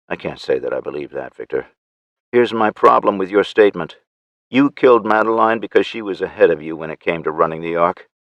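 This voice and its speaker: A man narrating an audiobook in first person with measured, steady storytelling. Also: low-pitched, no echo, muffled recording.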